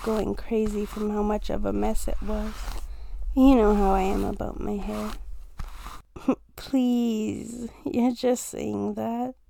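A woman's voice: mid-range voice, vocal fry, dark tone, no room sound. A young woman in a casual romantic role-play, teasing and playful, laughing often and swearing easily as she talks to her partner. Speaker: fiancée in a listener role-play.

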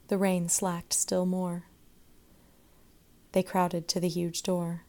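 A woman narrating a short story aloud in a measured, expressive way. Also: on the low side.

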